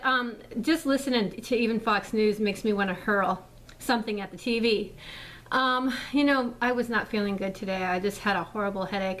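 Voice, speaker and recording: A woman's voice: fairly high pitch, fairly bright tone. A woman vlogger ranting casually to her viewers, rambling and exasperated, with frequent swearing and fillers. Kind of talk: casual rant to camera.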